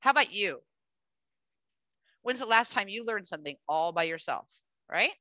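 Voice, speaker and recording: Female bird-show host for kids. Lively, swooping delivery with a bright tone, dry lo-fi recording. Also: medium pitch, moderate pace, no echo. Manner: animated, chatty, coos at the bird and addresses the audience. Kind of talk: live educational animal show for children. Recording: dull lo-fi dry sound.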